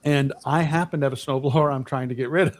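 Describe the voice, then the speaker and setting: A man's voice: medium pitch, fairly even intonation, fast talker, dry recording. Profane middle-aged man telling stories. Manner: rambling, profane storyteller. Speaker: podcast co-host. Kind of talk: casual chat.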